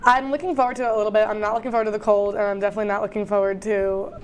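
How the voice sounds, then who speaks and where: A woman's voice: mid-range voice, flat delivery, rapid-fire, slight background noise. A young woman in college co-hosting a student TV talk show, chatting casually and rambling with plenty of fillers. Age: young adult. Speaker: student co-host. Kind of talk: casual chat. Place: campus TV studio.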